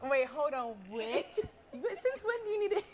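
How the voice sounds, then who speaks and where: A woman's voice: sits high, big pitch swings, normal speed, faint music behind. A woman from England with a Kent accent, chatting and giggling as a guest on a cooking video. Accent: English, Kent. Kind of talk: casual chat while cooking.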